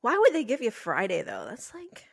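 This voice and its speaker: A woman's voice: a little high, wildly swooping pitch, normal speed, creaky, breathy edge. A woman on a podcast, chatting casually, laughing easily and teasing. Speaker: podcast guest. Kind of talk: casual chat.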